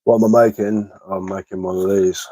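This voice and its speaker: An Englishman with a relaxed manner, chatting casually on a live stream while working on a craft project and answering chat messages aloud. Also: sits low, brisk, no echo, rough recording.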